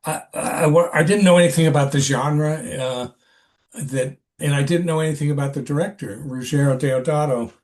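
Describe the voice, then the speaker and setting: A man's voice: fairly high pitch, a little mellow. Rambling older man telling a story. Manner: rambling, halting, many restarts and fillers. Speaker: actor, podcast guest. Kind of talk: casual interview storytelling.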